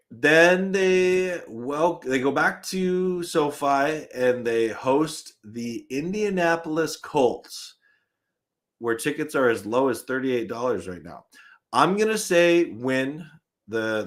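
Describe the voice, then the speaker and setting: A young male host chats through a live fan stream at an ordinary mid pitch. He reads viewer comments aloud, chuckles between thoughts, and often restarts his sentences. The delivery stays casual and animated throughout.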